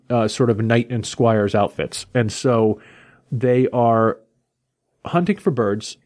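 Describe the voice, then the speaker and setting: A man talks through a comic book he clearly loves, retelling the story in loose, casual chat. He stumbles and restarts often and drifts into quick paraphrases of the characters without really changing his voice. His pitch sits right in the middle for a man. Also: darkish tone. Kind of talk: casual review recounting a story.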